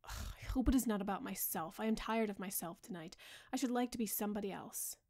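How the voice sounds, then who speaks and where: A woman voicing a petulant, languid young gentleman in a soft bedtime audiobook reading. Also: mid-range voice, quick pace, lightly acted.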